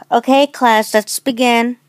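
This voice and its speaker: A woman's voice: a little high, steady tone, slow pace, clean tone, no room sound. A woman playing a soothing female schoolteacher. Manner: soothing, coaxing. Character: calm female schoolteacher soothing her class.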